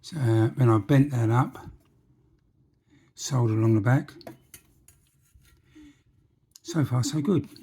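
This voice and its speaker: A man's voice: mid-range voice, measured pace, dark tone, husky. A man with a jokey, chatty manner, talking himself through a model-making job at his workbench. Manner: chatty, jokey asides, talks to himself while working. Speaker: model railway hobbyist. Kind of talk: casual workshop demonstration.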